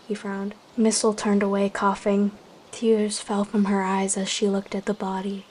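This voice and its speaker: A woman softly narrating a casual animal roleplay story and chatting to viewers. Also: mid-range voice, monotone, normal speed, slight background noise. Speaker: storyteller and video creator.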